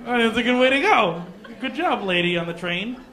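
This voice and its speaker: Man, stand-up comedian, from Canada, high bright voice, comedy club stage, handheld mic. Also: normal speed, a faint crowd. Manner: deadpan with sudden loud put-on voices.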